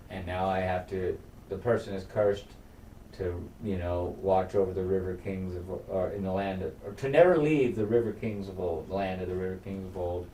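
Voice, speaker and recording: A man's voice: low-pitched, dark tone. A man in casual podcast chat, retelling a TV episode in a rambling, profane way with lots of restarts. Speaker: podcast co-host. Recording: echoey room, distant mic, faint noise.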